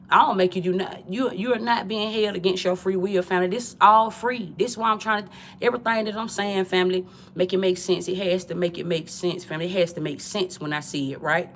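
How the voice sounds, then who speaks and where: A woman's voice: on the low side, fairly bright tone, slight background noise. A woman from Georgia, delivering a preachy, repetitive livestream monologue in profane street talk, calling her viewers family. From Georgia, USA.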